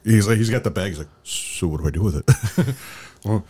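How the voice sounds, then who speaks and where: Deep voiced guy, casual chat, rambles through stories and does the other guys' lines in a high voice. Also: expressive, normal speed, a little mellow, slightly rough, no room sound. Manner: rambling storyteller, acts out quotes in a high voice. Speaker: podcast co-host.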